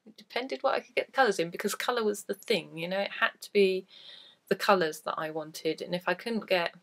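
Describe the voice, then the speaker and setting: A woman's voice: mid-range voice, brisk, gravelly, a bit bright. A woman hosting a crafting podcast, chatting in a rambling, self-deprecating way, with a lingering cough from a cold. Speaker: podcast host. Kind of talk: casual chat.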